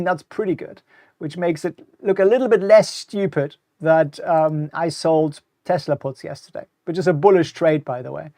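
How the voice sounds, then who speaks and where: Speaking at a moderate pace, a middle-aged man from Germany casually covers markets on a live stream, answering viewer questions and often repeating himself. His mellow voice is on the high side, and his accent mixes German and British English. The recording is dry, with clean studio sound.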